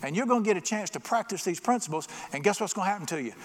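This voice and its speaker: This middle-aged pastor's very fast, high-pitched, expressive delivery fills a church sanctuary, where the recording picks up long reverb. His sermon is folksy and anecdotal, and he acts out small voices when he jokes.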